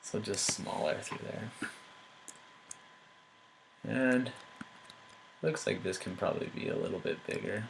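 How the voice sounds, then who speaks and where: A man giving an art critique, talking through changes thoughtfully with many pauses, fillers and restarts. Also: on the low side, vocal fry, background noise. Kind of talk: painting critique while editing on screen.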